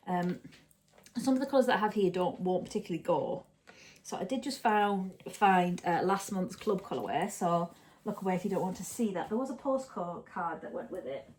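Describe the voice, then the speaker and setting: A woman's voice: on the low side, a little mellow. A woman chatting casually at home as host of a knitting podcast, rambling and often correcting herself. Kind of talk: casual chat.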